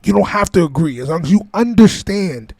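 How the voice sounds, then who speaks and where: A man's voice: high-pitched, expressive, a little fast, vocal fry, darkish tone, no echo. A man co-hosting a podcast, chatting casually, joking around and laughing, then giving earnest advice. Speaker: podcast co-host. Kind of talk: casual chat.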